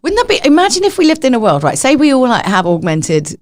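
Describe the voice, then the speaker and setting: A woman with a London accent chatting as a podcast guest, animated and giggly as she tells stories. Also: high-pitched, quick pace. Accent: London English. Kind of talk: casual podcast chat.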